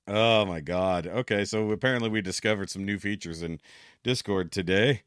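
Low-voiced swearing podcast host. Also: male voice, moderate pace, fairly bright tone, clean tone, dry recording, clean studio sound. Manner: loose and profane, frequent swearing and laughing. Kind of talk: casual chat.

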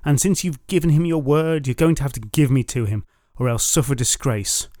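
A man voicing an exasperated, scheming noblewoman, scolding and brisk as she takes charge, on a dry close mic. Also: medium pitch, warm tone, no echo, close to an everyday voice. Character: sharp-tongued exasperated noblewoman, scheming and cool.

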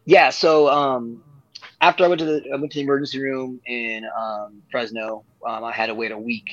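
A man's voice: mid-range voice, fairly even intonation, normal speed, a bit bright, no room sound. Man, casual storyteller, rambling, swears a lot, dull lo-fi recording. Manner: rambling, swears freely, laughs at own stories. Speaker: guest, professional wrestler. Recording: dull lo-fi sound.

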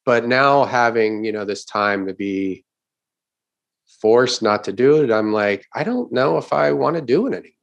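A man's voice: medium pitch, expressive, normal speed, gravelly, highs cut off. A middle-aged man, a stand-up comedian, telling a story in casual chat, swearing often and acting out the crowd's reactions.

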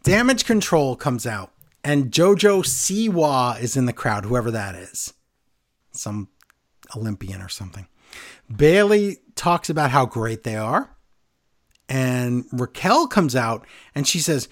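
Animated man recapping sarcastically. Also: mid-range voice, a little slow. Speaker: wrestling podcast co-host. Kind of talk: casual recap chat.

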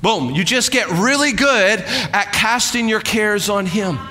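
A man pastor preaching a sermon on stage, energetic and conversational, acting out a demonstration with helpers. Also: high voice, measured pace, background noise. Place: church stage with long reverb. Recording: reverberant church hall.

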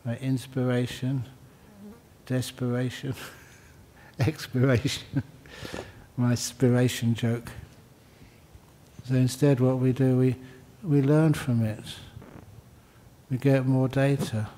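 An older man, a Buddhist monk, gives a relaxed dharma talk to an audience, answering questions with gentle jokes and repeated phrases for emphasis. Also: medium pitch, slow, pauses often, a little hiss or hum.

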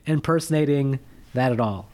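A man's voice: mid-range voice, normal speed. A man co-hosting a casual movie review podcast, joking and ranting with rising emphasis. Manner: animated, jokey, rants with rising emphasis. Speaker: podcast co-host.

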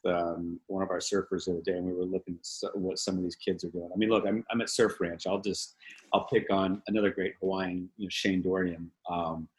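Rambling earnest low-voiced man. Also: level tone, a little fast, rough recording. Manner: rambling, many restarts, earnest. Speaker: interviewee, league CEO. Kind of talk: casual reflective interview talk.

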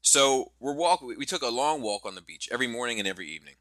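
A man in his thirties co-hosting a podcast, telling a family story with animated delivery, cursing and restarting phrases. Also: medium pitch, quick pace, dry recording. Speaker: podcast co-host. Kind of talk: casual podcast chat.

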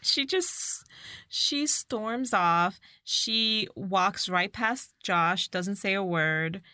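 Woman, co-host, casual chat, playful, acts out lines, bright voice, dry close sound. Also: mid-range voice, extremely slow, no room sound. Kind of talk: casual chat recapping a movie.

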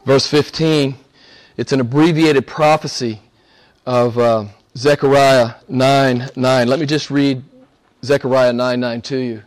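A middle-aged man, a pastor preaching a sermon, swinging from loud emphatic lines to soft low asides. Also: fairly even intonation, unhurried.

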